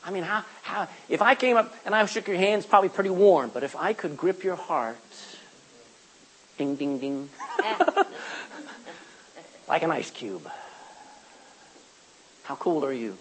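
A middle-aged male preacher giving a lively sermon, reading scripture and acting out everyday asides. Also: high voice, normal speed, pauses often, slight background noise, poor audio.

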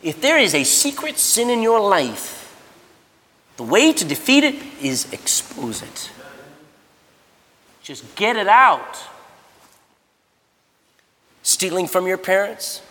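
Animated preacher man in a reverberant hall. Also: takes it slowly, pauses often. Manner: animated, swings from low murmurs to loud exhortation. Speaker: preacher at a youth camp. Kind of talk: sermon.

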